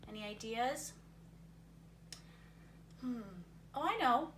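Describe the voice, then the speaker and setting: Leading a word game in a recorded reading lesson, a teacher speaks slowly in a high voice, encouraging young students and thinking aloud along the way. The audio sounds roomy and distant, with a little background noise.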